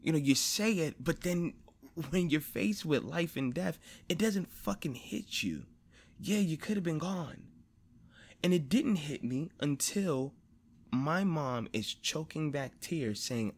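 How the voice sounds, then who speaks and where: A man hosting a podcast, talking in a personal monologue, blunt and profane, repeating phrases for emphasis and rising louder and higher as he presses a point. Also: animated, slow pace. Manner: grows louder and higher when stressing a point. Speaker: podcast host.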